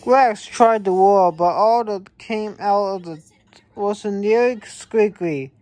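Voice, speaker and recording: Slow, mellow woman reading a storybook. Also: mid-range voice, soft background music. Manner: slow, halting reading with stumbles. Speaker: reader. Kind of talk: reading a children's picture book aloud.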